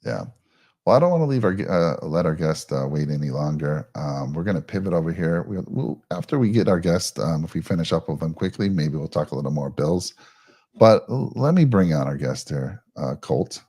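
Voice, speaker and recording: A man's voice: rumbling low, animated, fairly quick, mellow, breathy edge. A man hosting a casual live show, talking in a rambling, friendly way with lots of fillers and restarts. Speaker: podcast host.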